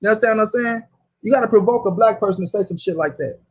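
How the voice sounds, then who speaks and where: A man runs a casual livestream and argues hard. His voice sits fairly high, and he swears freely as he reads viewer comments aloud. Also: very fast. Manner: heated, profane, reads chat aloud. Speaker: host.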